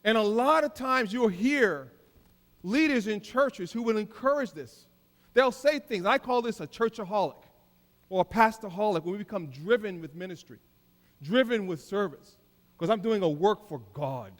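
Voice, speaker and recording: A middle-aged man preaching a keynote sermon, emphatic, swinging between loud declarations and soft asides. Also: high voice, expressive, moderate pace. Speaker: keynote speaker. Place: large hall. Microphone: handheld mic. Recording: live in a reverberant hall.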